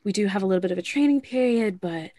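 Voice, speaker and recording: A woman's voice: mid-range voice, expressive, fast, warm tone, no echo. Earnest woman playing a tabletop game. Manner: eager, earnest, hesitant. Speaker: player.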